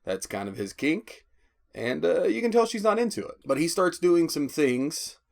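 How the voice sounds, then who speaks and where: A man's voice: fairly high pitch, big pitch swings, moderate pace, creaky. A man giving a rambling, profane spoken movie review, often stammering and restarting. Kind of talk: casual spoken film review.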